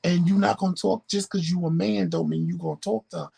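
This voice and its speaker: Gravelly, high-voiced man telling stories. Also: fast. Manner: animated, profane, acts out quoted voices. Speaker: podcast co-host. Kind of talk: casual storytelling chat.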